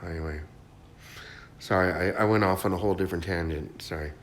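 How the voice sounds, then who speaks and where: Low-voiced man giving rambling spiritual talk. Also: fairly quick. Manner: rambling, restarts, soft guided hushing at times. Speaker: spiritual channel host. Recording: faint background noise.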